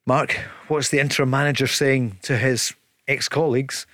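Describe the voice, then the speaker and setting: A man hosting a live football radio show, presenting briskly and passing questions to guests. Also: medium pitch, fairly even intonation, fairly bright tone, dry recording, studio quality. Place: radio studio.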